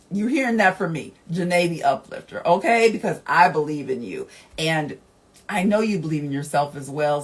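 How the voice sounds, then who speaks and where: Slow-talking encouraging woman podcast host. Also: on the low side. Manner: encouraging, speaks straight to listeners; emotional, laughing through tears. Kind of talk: motivational podcast monologue.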